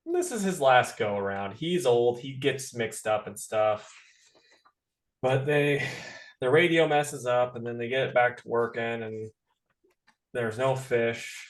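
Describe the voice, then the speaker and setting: A man's voice: medium pitch, roomy sound. A man co-hosting a podcast, chatting casually and bluntly about comic books, swearing now and then. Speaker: podcast co-host. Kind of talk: casual comic book review chat.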